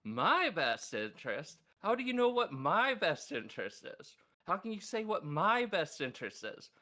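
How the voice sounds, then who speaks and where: Lively, bright man on a frustrated ramble. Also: fairly high pitch, moderate pace. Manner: rambling, frustrated, self-pitying. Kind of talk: comedic rambling monologue.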